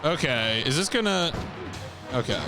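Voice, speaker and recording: A man's voice: a little high, animated, a little slow, over music. A young man giving casual commentary while playing a video game, rambling and leaning on filler words. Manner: rambling, many "like" fillers, laughs to himself. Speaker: let's play host.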